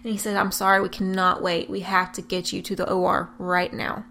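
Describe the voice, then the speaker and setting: A woman's voice: mid-range voice, completely flat delivery, fairly quick, creaky, pushed and bright. Earnest young mother, tearful testimony. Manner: emotional, tearful at times, earnest. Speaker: mother telling her birth story. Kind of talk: personal testimony.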